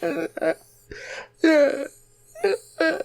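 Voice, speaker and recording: A man's voice: extremely high pitch, drawn-out words, gravelly, pitched above the performer's own voice, heavily acted. A man doing a gushing proud old dad. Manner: loud, gushing praise. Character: proud elderly dad cheering his grown son.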